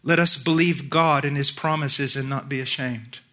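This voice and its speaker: A middle-aged man preaching a sermon, moving between hushed, intense passages and shouted emphasis. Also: mid-range voice, steady tone, normal speed.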